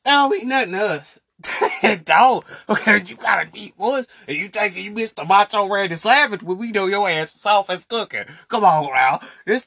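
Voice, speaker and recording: A man's voice: fairly high pitch, pushed and bright, husky, no echo, studio quality. A man hosting a solo podcast, ranting in a mocking, boastful way with street slang, laughing often between repeated phrases, seated at a stand mic. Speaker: podcast host. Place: seated indoors. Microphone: mic on a stand he keeps pulling down.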